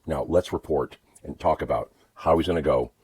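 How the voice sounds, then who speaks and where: A man delivering a blunt, profane political rant to camera, swinging between low muttering and outbursts. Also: moderate pace, darkish tone. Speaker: vlogger.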